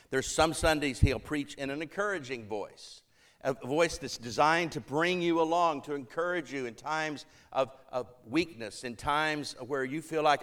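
A man's voice: a little high, animated, measured pace. A middle-aged pastor preaching a sermon, shifting his voice to act out the people he quotes.

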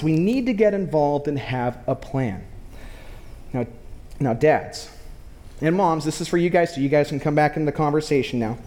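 High-voiced man preaching a sermon. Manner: lively storytelling, addresses the congregation directly. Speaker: pastor.

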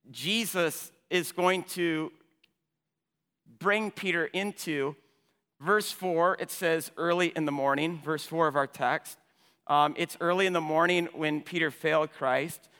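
A man preaching a sermon with passion, stumbling over repeated words as he starts phrases and swinging between loud and hushed. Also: fairly high pitch, smooth. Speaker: pastor. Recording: long hall reverb.

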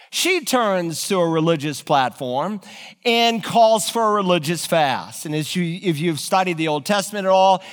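A man preaching a sermon, retelling scripture with animated, dramatic storytelling in a church. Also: a little high, long reverb tail. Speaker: pastor.

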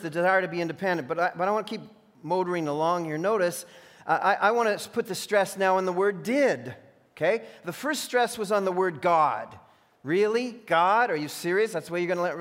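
A high-pitched male pastor delivers a sermon in a big hall with a long echo. He swings from emphatic, ringing points to hushed, needling asides. He voices the imagined whispers of temptation. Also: lively intonation, brisk. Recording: long reverb of a large hall.

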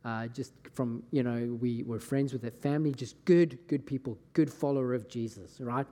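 Scottish male pastor, mellow, slightly high voice, casual storytelling sermon, echoing hall. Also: moderate pace. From Scotland. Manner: casual, chatty, acts out conversations. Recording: long hall reverb.

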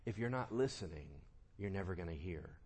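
A male pastor preaching a sermon, swinging from quiet earnest talk to loud animated bursts and acting out quoted voices. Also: low-pitched, a little fast.

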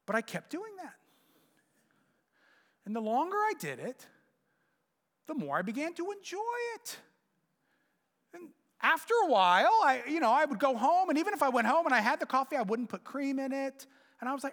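A middle-aged man preaches a sermon, his voice high and bright, leaping up and down as he tells a story. He sometimes drops to a hushed near whisper for emphasis. The sound carries a long reverb, as in a large hall. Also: big pitch swings, fairly quick. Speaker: pastor.

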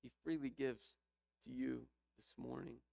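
A man's voice: medium pitch, steady tone, measured pace, vocal fry, dark tone. A man preaching a sermon, explaining a scripture passage with rising emphasis. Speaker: pastor.

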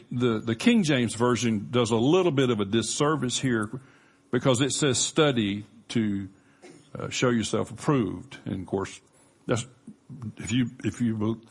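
A man preaching a sermon as pastor, earnest and emphatic, with measured pauses. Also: medium pitch, breathy edge.

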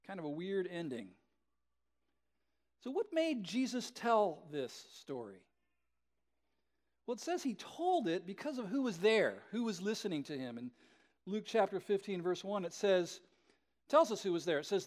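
Lively high-voiced male preacher. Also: moderate pace. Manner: conversational, animated, asks listeners questions. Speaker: pastor. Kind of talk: sermon storytelling.

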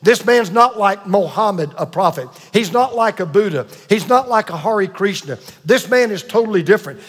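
A man in his sixties preaching a sermon as a pastor, emphatic, with dramatic pauses and asides to the congregation. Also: sits high, expressive, fairly bright tone, husky, long reverb tail.

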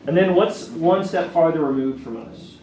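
A man from Virginia with a Southern accent, giving a lively classroom lecture and asking his audience questions. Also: fairly high pitch, normal speed, slight background noise. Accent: Southern US, Appalachian Virginia. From Grayson County, Virginia, USA. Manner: energetic, asks the audience questions often. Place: lecture room. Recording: echoey room, mic from a distance.

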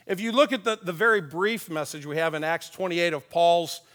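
A man, a pastor, giving a conversational sermon with personal stories, dropping softly on key points. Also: fairly high pitch, normal speed. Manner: folksy, tells personal stories with chuckles.

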